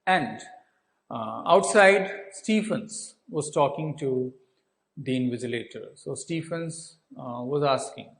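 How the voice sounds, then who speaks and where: Speaking slowly with lively intonation, this man has a medium-pitched, gravelly, fairly bright voice and an Indian English accent, recorded in low quality. He teaches a class about a textbook story, answering questions he raises himself, restating ideas, and using fillers like "uh" and "so."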